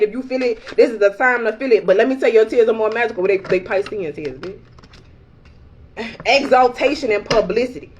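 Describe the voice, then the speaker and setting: High-voiced woman giving a blunt, profane pep talk. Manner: blunt, profane, emphatic, laughs often. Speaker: tarot reader. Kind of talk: casual tarot vlog pep talk.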